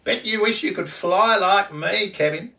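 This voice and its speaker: A man voicing a cheerful male kookaburra that laughs loudly and teases in a shrieking voice. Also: high-pitched, a little slow, vocal fry, far from the mic, pitched above the performer's own voice, full character voice. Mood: teasing. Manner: shrieking laughter, loud and teasing.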